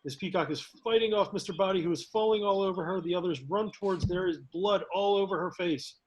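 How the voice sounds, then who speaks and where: A man's voice: high-pitched, fast talker. Man, narrator, table read, casual, stumbles and laughs. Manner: reads narration with laughs and slips. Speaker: narrator reading stage directions.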